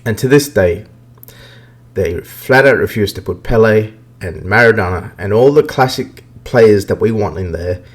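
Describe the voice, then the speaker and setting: A man's voice: on the low side, animated, moderate pace. A man hosting a podcast, ranting bluntly and profanely about video games in casual talk. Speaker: podcast host. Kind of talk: casual gaming rant.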